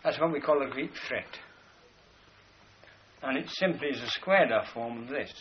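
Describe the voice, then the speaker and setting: A man lecturing in a measured, explanatory manner, leaning on key words by slowing down. His voice sits at a middling pitch. The recording is dull and lo-fi, with a faint hiss and room sound behind him. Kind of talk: spoken lecture with drawings.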